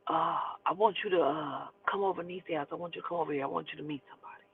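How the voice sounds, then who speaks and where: A woman voicing her mumbling, hesitant middle-aged father, who talks in a halting drawl over a tinny phone-like line. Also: creaky, slight background noise. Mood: sly hesitant. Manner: halting, drawling, low and quiet.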